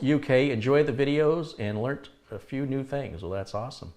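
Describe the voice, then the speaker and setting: A middle-aged man hosts a live chat stream in a mid-range, darkish voice at normal speed. He reads viewer comments aloud, answers them chattily, and occasionally laughs at his own remarks.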